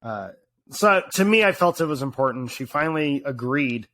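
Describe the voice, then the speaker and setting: A man in his thirties, co-hosting a podcast, telling stories in a casual, animated way with lots of fillers and restarts. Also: mid-range voice, normal speed. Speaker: podcast co-host. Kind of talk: casual chat.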